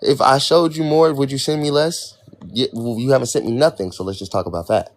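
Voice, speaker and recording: A man's voice: medium pitch, fairly quick. A young man hosting a livestream, venting in an irritated, profane rant to his chat. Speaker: livestream host. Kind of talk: ranting livestream talk to chat.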